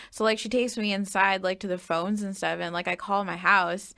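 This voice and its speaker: Young woman guest, chatty storyteller; creaky, bright, dry recording. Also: medium pitch, little pitch movement, fairly quick, hardly any pauses, dry recording. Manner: chatty, peppers speech with "like". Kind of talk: casual storytelling.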